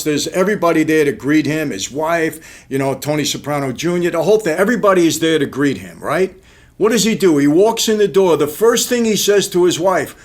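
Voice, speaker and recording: A man giving an indignant, casual commentary on a film, firing off rhetorical questions. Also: fairly high pitch. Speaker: film reviewer, former mob figure.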